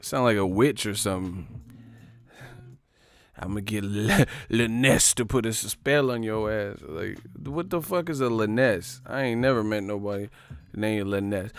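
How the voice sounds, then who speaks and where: A man's voice: on the low side, animated, normal speed, no room sound. A man from the Bay Area hosting a livestream, riffing in casual, profane slang. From San Francisco Bay Area. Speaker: livestream host.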